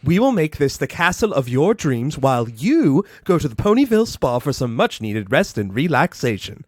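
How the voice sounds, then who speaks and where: A podcast host voicing an elegant, fussy female pony fashion designer from a cartoon, in a posh, drawn-out, theatrical manner. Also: medium pitch, very animated, no echo, clean studio sound, voice pushed down. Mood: posh fussing. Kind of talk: reading cartoon dialogue aloud.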